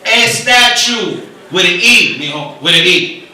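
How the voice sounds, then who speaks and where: A man's voice: high voice, lively intonation, measured pace, bright, forceful tone, slight background noise, heavily acted. A man voicing a doting, middle-aged Latina mother who coaxes her son and calls him mijo, in a small echoey club. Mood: coaxing. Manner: sweet, coaxing, heavy Spanish-tinged English, calls him mijo. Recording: echoey club, mic from a distance.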